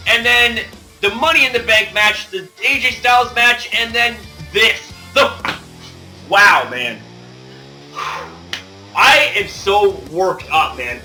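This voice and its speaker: A young man hosting a casual video review, excitable and gushing, swearing freely as he talks. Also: high-pitched. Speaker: YouTuber reviewing wrestling.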